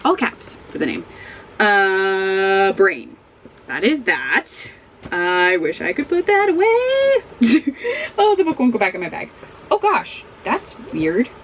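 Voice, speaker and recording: A woman's voice: mid-range voice, a little hiss or hum, poor audio. A sleepy woman chatting casually at home in a book vlog, rambling and often breaking off mid-thought. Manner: rambling, self-interrupting, animated. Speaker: book vlogger. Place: at home with a barking dog nearby.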